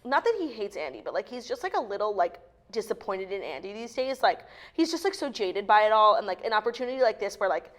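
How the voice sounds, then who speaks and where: Fast-chatting young woman co-host. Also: mid-range voice, sing-song, a bit bright. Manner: chatty, constant "like" fillers. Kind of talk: casual chat. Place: studio.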